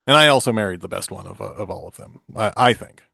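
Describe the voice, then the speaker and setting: A man's voice: lowish voice, lively intonation, quick pace, gravelly, sharp tone, no echo. Guy in his 40s riffing thru an old fairy tale, laughs a lot, dry close sound. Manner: jokey, laughs often, restarts a lot. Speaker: podcast co-host retelling a fairy tale. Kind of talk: casual chat and comic story retelling.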